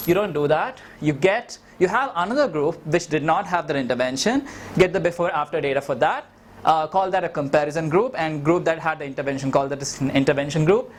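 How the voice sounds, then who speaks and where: A man's voice: on the high side, slight background noise. Man explaining with many "uh" fillers. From India. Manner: conversational, frequent "uh" fillers, self-correcting. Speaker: speaker giving a talk. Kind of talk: explanatory talk with slides.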